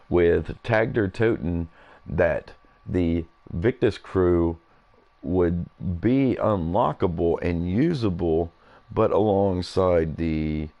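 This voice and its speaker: A man's voice: low-pitched, vocal fry, a little mellow. A man chatting as he streams a game, in a rambling, chatty manner. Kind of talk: casual gameplay commentary.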